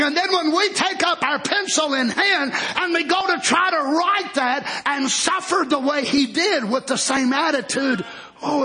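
A man preaching as pastor, building to shouted, drawn-out lines. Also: very high voice. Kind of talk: sermon.

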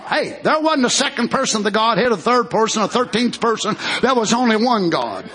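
Preacher man, fervent sermon, very high voice, husky, lively pitch. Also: fairly quick, hardly any pauses. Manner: fervent, shouting hallelujahs.

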